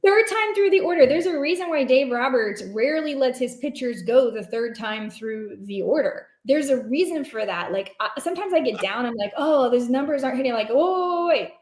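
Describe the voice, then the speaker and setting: A woman's voice: sits high, lively intonation, moderate pace, hardly any pauses. A woman who is a guest sports betting analyst, chatting in a laid-back, self-deprecating way. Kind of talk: casual podcast chat. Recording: echoey room.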